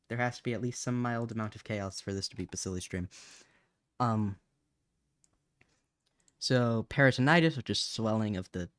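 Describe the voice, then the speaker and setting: A man's voice: mid-range voice, no room sound, studio quality. A man hosting a casual educational livestream on bacteria, chatting, reading chat messages, laughing and stumbling over terms. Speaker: science streamer.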